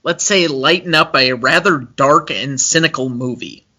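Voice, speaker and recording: A young man co-hosts a casual movie-review podcast, his voice a little high, a little slow, pushed and bright. He's chatty and analytical, with frequent fillers.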